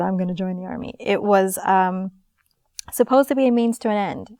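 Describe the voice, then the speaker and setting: A woman in her thirties, an actress guest in an interview, telling stories in a lively, animated way. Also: mid-range voice, no echo, studio quality. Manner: lively, animated storyteller, laughs often. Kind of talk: casual storytelling in an interview.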